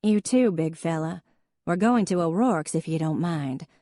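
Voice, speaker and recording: A woman's voice: lowish voice, expressive, unhurried, warm tone, dry recording, studio quality. A woman voicing a wisecracking younger sister who puts on a drawling good old boy accent. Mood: joking drawl.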